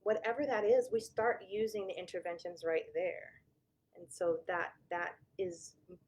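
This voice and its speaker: A woman therapist speaks in a low, grounded voice, talking straight to her viewers. Her delivery is conversational and candid, and she often restarts her sentences as she works out how to explain things. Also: a little mellow. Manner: conversational, self-correcting, candid.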